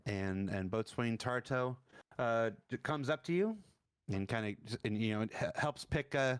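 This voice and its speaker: A man narrating a tabletop game as dungeon master, halting and searching for words. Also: medium pitch, clean tone, dry recording, clean studio sound.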